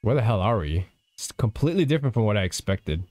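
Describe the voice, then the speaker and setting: A man's voice: lowish voice, big pitch swings, fast talker, darkish tone, no room sound, studio quality. A man casually commentating a video game let's-play, joking and reading dialogue aloud. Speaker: gamer.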